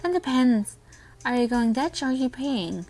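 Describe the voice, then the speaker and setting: A woman's voice: high-pitched, expressive, normal speed, a little mellow, voice pushed up. A woman voicing a friendly young waitress with an attempted Southern drawl, chatty and teasing.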